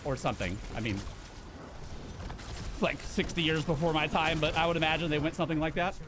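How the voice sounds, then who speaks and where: A man's voice: fairly high pitch, steady tone, fairly quick, noisy background. A young man streaming a game, chatting in a rambling, laid-back way, full of filler words. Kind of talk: casual chat while gaming.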